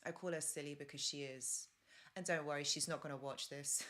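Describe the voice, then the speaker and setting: Woman, live-stream host, lowish voice, chatty advice with rambling asides. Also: expressive, moderate pace, pushed and bright. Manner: chatty, rambling, with fillers and side stories.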